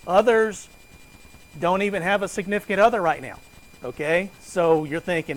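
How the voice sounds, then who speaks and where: A man lectures a classroom in a relaxed, conversational way, quizzing the room and tossing in jokes. His voice sits a touch higher than most men's. A faint hiss hangs under the recording. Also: normal speed, low-quality recording. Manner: conversational, asks students questions and jokes. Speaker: finance lecturer.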